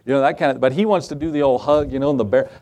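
A man's voice: medium pitch, rapid-fire, warm tone. A middle-aged man, a pastor, preaching a sermon in a folksy, conversational way with chuckling asides.

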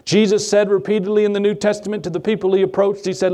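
A man preaching a sermon as pastor, emphatic, repeating key phrases and asking rhetorical questions, moving between raised passages and quiet asides. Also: sits high, flat delivery, fast.

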